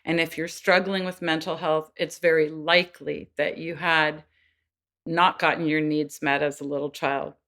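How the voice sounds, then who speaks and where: A woman's voice: deep voice, flat delivery, normal speed, fairly bright tone. A woman guest on a podcast interview, explaining earnestly and acting out quoted voices now and then. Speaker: guest expert on child development.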